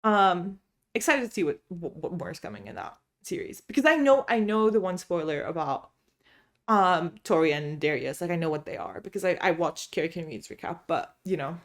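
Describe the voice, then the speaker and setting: A chatty woman vlogging about books from home. She talks casually, bubbly and animated, telling stories and laughing easily. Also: on the low side, normal speed. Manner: animated storyteller. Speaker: book vlogger. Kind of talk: casual chat.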